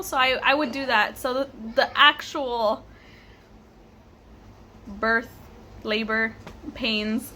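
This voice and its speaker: A young woman in her twenties telling a personal story to camera, animated and laughing, with casual swearing. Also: on the high side, slow, long pauses, a little hiss or hum. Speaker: vlogger.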